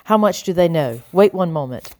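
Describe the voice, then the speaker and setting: A woman voicing a proud, frightened colonial lady who makes shrill demands. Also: expressive, moderate pace, mellow, dry recording, close to an everyday voice. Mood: alarmed.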